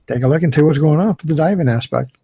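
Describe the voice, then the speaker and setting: A man's voice: fairly high pitch, quick pace, vocal fry, mellow, slightly rough, no room sound. A man co-hosting a casual podcast, telling easygoing stories with lots of "you know". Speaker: podcast co-host.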